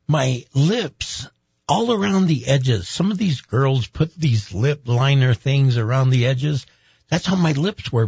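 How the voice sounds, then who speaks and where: A man's voice: mid-range voice, vocal fry, breathy edge, dry recording. A middle-aged man, a pastor, telling a personal story in an interview, acting out the voices of the people in it. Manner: lively storyteller who acts out quoted voices. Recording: dull, dry, slightly muffled recording.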